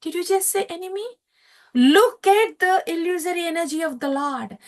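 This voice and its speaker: A woman's voice: on the high side, animated, unhurried. A woman voicing a devout young boy who speaks earnestly and emphatically.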